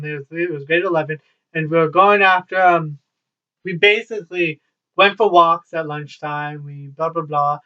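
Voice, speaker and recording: Young adult man, high bright voice, rambling swearing storyteller, dull lo-fi sound from a distance. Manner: rambling, swears freely, wry asides. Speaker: vlogger. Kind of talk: casual storytelling. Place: at home, child nearby.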